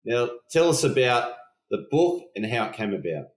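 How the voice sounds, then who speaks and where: A man hosting a podcast, chatting casually, agreeing with his guest and asking relaxed open questions. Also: medium pitch, moderate pace. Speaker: podcast host. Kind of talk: casual interview chat. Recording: roomy echo.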